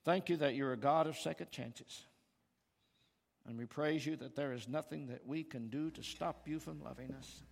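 A man preaching a sermon as pastor, slow and emphatic, building to loud calls for the congregation to repeat after him. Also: on the high side, gravelly. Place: church sanctuary. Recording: reverberant church hall, faint guitar behind.

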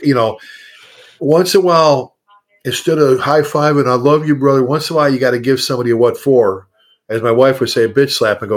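Animated man telling a story. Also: medium pitch, fast. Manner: animated storyteller, acts out quotes. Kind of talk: casual podcast chat.

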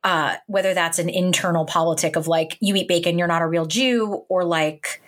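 A woman's voice: on the low side, moderate pace. A woman in her forties co-hosting a podcast, telling stories animatedly in casual chat with lots of "like". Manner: animated storytelling, frequent "like". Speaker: podcast co-host.

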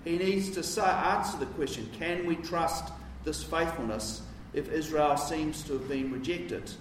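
A man's voice: fairly high pitch, a little slow, slight background noise. A man preaching a sermon in a conversational, emphatic way, with casual asides. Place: church. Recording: roomy echo from a distance.

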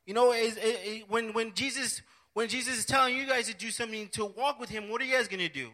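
A man's voice: very high-pitched, fast, sharp tone. A man preaching a sermon, earnest and repetitive, often restarting his phrases.

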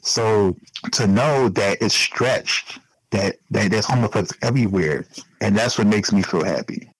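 A man's voice: lowish voice, unhurried, husky, no room sound, poor audio. A man giving an emotional personal interview, talking earnestly and repeating himself for emphasis.

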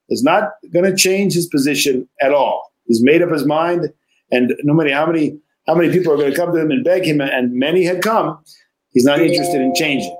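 Halting priest lecturing, slightly high-pitched. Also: male voice, rough recording. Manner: deliberate, frequent filler pauses and self-corrections. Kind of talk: church history lecture.

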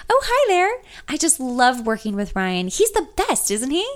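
Sweet, chatty Southern woman at a music publisher, put on by a woman narrator, slight twang, pitched well up, bubbly. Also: wildly swooping pitch, normal speed.

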